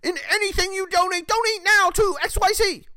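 Male host voicing a squeaky, pushy donation-begging text, loud and mocking, dry room. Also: steady tone, fairly quick, dry recording. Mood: mocking urgency. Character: shrill nagging fundraising text message.

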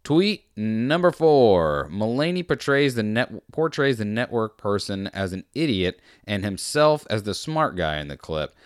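Sardonic male commentary host, lowish smooth voice, close dry mic, mocking and rambling. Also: animated, normal speed, hardly any pauses, dry recording. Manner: sarcastic, rambling, swings between loud and muttered. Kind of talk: reading and mocking tweets.

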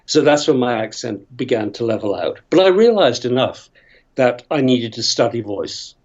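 A man's voice: medium pitch, very animated, moderate pace, a little mellow, muffled recording. An older man from Northern Ireland, an actor telling long, rambling stories with many tangents and chuckles. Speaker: actor guest. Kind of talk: storytelling interview.

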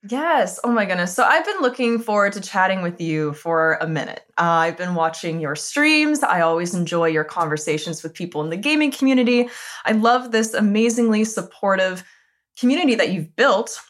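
A woman's voice: mid-range voice, a bit bright. Upbeat woman hosting a chat show. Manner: upbeat, enthusiastic. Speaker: podcast host. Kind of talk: casual chat and guest introduction.

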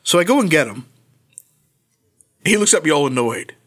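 A man's voice: a little high, very animated, moderate pace, a bit bright. A middle-aged man in casual podcast chat, a profane storyteller who laughs a lot. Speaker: podcast host.

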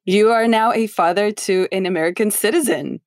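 A woman's voice: mid-range voice, normal speed, no echo. A woman with a mid-range voice interviews a guest in a friendly, casual way, laughing along often. The sound is close and dry. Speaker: podcast host.

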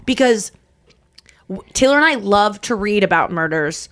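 A woman's voice: mid-range voice, fairly quick. A woman in her thirties co-hosting a podcast, chatting casually and acting out her own reactions as she tells stories. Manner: animated storyteller, acts out reactions. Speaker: podcast co-host. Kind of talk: casual chat.

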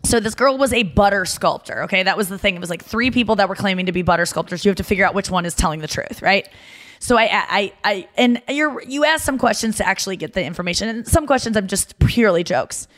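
A woman's voice: medium pitch, animated, quick pace. A woman co-hosting a podcast, chatting casually and telling stories with lots of "like" fillers. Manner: chatty storyteller, many "like" fillers. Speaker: podcast co-host. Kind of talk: casual chat.

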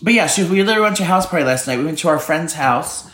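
Fast, bright-voiced man telling stories. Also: a little high, expressive. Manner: rambling storytelling with lots of swearing and restarts. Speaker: podcast co-host. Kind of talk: casual chat.

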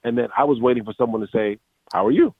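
A man's voice: medium pitch, fast, no room sound. A man in a casual interview, telling stories animatedly and acting out quotes, with many restarts. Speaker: voice actor guest. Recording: dry tinny phone-like line.

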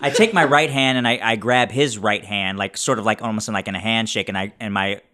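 A man playing a tabletop role-playing game, narrating his character's actions in a halting way with many restarts. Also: fairly low pitch, pushed and bright. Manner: halting, many restarts while describing scenes. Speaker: player.

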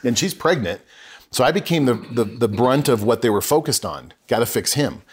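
A middle-aged man speaking as a podcast guest at an ordinary mid-range pitch. He tells his story earnestly and with plain emotion, often stopping to restart a sentence. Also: animated, moderate pace. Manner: earnest and emotional, with frequent self-corrections. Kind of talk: candid personal storytelling.

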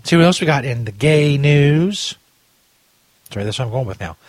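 A man's voice: a little high, lively intonation, normal speed, no room sound. A man hosting a podcast in a casual, rambling, crude style, often laughing at his own jokes. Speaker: podcast host. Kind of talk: casual commentary chat.

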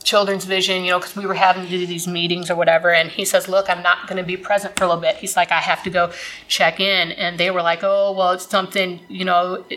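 Candid woman with a bright, tense voice. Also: on the low side, level tone, fast, slight background noise, low-quality recording. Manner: candid, rambling, frequent fillers and restarts. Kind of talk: personal recovery story.

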